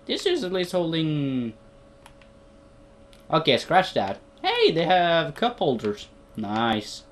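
A man's voice: on the high side, wildly swooping pitch, slow, long pauses, slight background noise. A young man doing playful, rambling gameplay commentary in a put-on Australian accent, talking to the characters on screen. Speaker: gaming video host.

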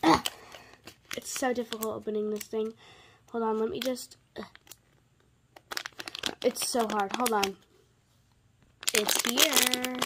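A young girl unboxing a birthday toy in a casual vlog, gushing with excitement and using trendy slang. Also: a little high, takes it slowly, long pauses, very noisy.

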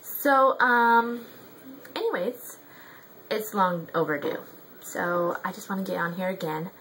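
A young woman talks through a product review in a loose, rambling way, full of ums and likes. Her voice sits slightly low but sounds bright and forward. A faint hiss stays under her voice throughout. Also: low-quality recording. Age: young adult. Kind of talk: casual product review vlog.

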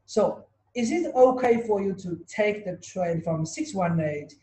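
A man's voice: sits high, animated, unhurried, warm tone. A man teaching a trading webinar, repeating himself and asking his students rhetorical questions. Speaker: trading tutor. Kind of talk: online webinar lesson. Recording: roomy echo.

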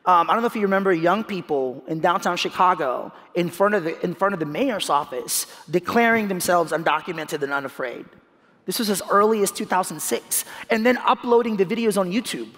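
A man from the Philippines in his thirties, talking in an onstage interview, animated, laughing often and repeating words as he restarts. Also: high voice, fairly quick. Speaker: guest speaker. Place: large hall on stage. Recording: hall reverb.

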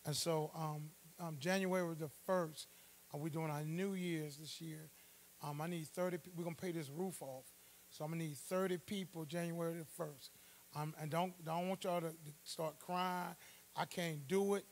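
A man preaching a Bible study sermon in church, calling out to the congregation for responses and swelling to loud emphasis. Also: on the high side, fairly even intonation, normal speed, a little hiss or hum. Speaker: pastor.

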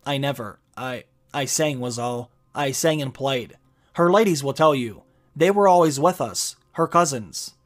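A man's voice: mid-range voice, unhurried, natural voice. A man reading aloud the part of a frightened young male singer, stammering and pleading.

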